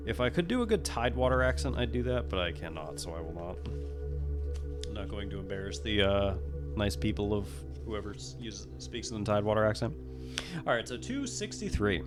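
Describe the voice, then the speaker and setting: A man's voice: on the low side, fairly quick, over music. Laid-back man reading a solo adventure. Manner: relaxed, chatty, drops curse words between read passages. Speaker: streamer. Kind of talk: reading a solo tabletop adventure aloud with casual asides. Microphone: condenser mic.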